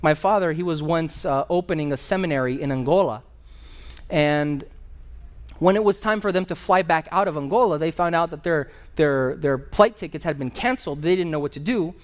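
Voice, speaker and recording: A man's voice: on the high side, normal speed. A male pastor preaching a sermon in a conversational storytelling manner, with personal asides.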